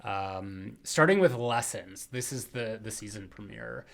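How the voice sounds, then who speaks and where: A man's voice: lowish voice, measured pace, creaky. Podcast host guy, laid back, kinda hedgy, says stuff twice. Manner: relaxed, hedging, repeats words. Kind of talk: casual chat.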